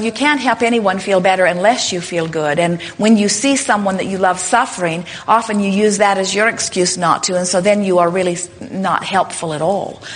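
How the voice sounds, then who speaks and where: A woman speaking to a live workshop audience in a plain, mid-pitched voice. She explains with steady emphasis and often acts out short quoted lines. Her delivery is that of an experienced teacher fielding questions. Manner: emphatic and explanatory, often saying "in other words" and "you see".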